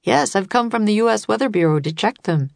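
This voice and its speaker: A woman's voice: mid-range voice, lively intonation, a little fast, vocal fry, a little mellow, no room sound, voice pushed up. A woman reading the lines of a tall, thin, courteous male weather official in a storybook, explaining things patiently.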